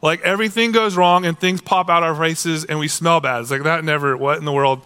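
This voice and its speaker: A man preaches with a bright, forceful voice that sits a little high. He keeps his delivery casual and animated, slipping into quoted voices as he talks. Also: fairly quick, clean tone. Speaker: pastor. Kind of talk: sermon.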